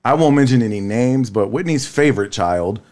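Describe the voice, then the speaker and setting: A man in his thirties telling a family story in casual chat, tired, swearing freely and leaping up in pitch when he quotes people. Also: moderate pace. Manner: animated storyteller, swears freely, jumps high when quoting. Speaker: podcast co-host.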